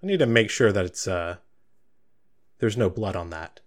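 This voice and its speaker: Man playing a gruff guard captain, low, stern, commanding. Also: lively intonation, normal speed, natural voice.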